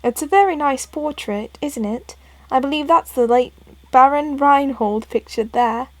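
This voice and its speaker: Woman reading a calm thoughtful professor dude, no accent, pretty high voice. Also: moderate pace, no echo, close to an everyday voice.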